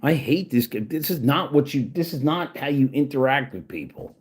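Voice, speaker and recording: A man's voice: mid-range voice, lively intonation, normal speed, a little mellow, breathy edge. A man hosting his own channel, venting in a profane, angry and sarcastic casual rant while working at his computer. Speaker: channel host.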